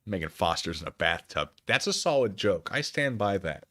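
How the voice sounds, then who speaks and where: A man's voice: low voice, very animated, moderate pace, a bit bright, dry recording, studio quality. A man hosting a casual livestream, reacting with sarcastic commentary and frequent laughter. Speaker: streamer.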